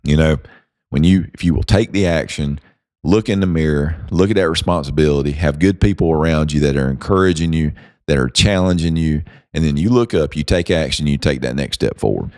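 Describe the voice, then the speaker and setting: A man with a very deep voice hosts a motivational podcast, pressing his points home with emphatic, preacher-like delivery. The sound is dry and close, with no room around it. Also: fairly quick, darkish tone, no room sound. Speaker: podcast host.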